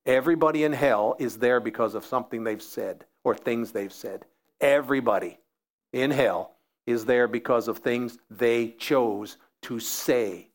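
A man's voice: medium pitch, moderate pace. A man preaching a sermon as pastor, building emphasis through repeated phrases.

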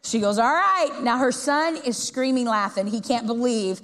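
A middle-aged woman preacher telling a long, lively story in a church and asking the congregation questions. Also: fairly high pitch, normal speed, big-room sound. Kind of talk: storytelling sermon.

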